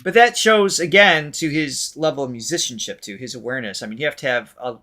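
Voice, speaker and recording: A man's voice: medium pitch, fairly quick, sharp tone. A man co-hosting a music reaction show as vocal coach, chatting animatedly and laughing often. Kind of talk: casual music reaction chat.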